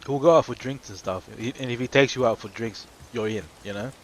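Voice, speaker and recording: A man's voice: medium pitch, a little fast. A man chatting casually on a stream, telling work stories with laughs and plenty of swearing. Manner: laughing storyteller, swears freely in quoted asides. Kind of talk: casual chat.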